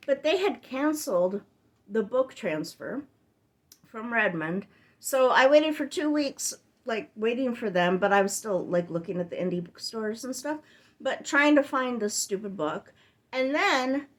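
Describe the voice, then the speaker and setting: Woman chatting about her reading, rambly, lots of "like", goes off on tangents, normal mid voice. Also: medium pitch. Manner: rambling with tangents and many filler "like"s; chatty and exasperated when complaining. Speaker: book vlogger. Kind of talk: casual reading update vlog.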